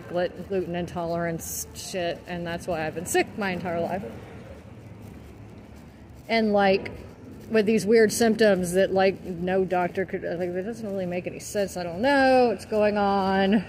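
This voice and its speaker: A woman from the American South with a light Southern accent, talking candidly and casually as she walks around town, swearing now and then and saying "like" a lot. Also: lowish voice. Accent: Southern US, mostly toned down. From Southern United States. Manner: chatty, candid, swears, heavy use of "like". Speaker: vlogger. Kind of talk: casual walking vlog. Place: outdoors on a town walk, into shops. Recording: noisy outdoor street ambience.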